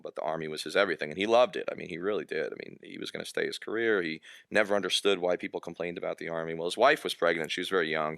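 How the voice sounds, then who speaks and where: A retired American army officer, a guest on a podcast, telling a war story in a halting way with many fillers and restarts. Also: male voice, low voice, vocal fry, fairly bright tone, clear, resonant tone, dry recording, studio quality. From United States.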